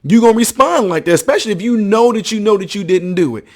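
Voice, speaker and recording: A man's voice: high-pitched, expressive, fast talker. A man hosting a commentary video, talking emphatically, acting out quotes and checking that listeners follow him. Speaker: ministry counselor.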